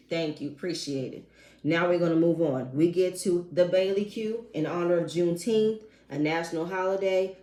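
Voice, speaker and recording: Sassy woman recapping reality TV. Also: lowish voice. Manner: sassy, expressive, with slangy asides. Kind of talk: casual TV recap commentary. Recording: echoey room.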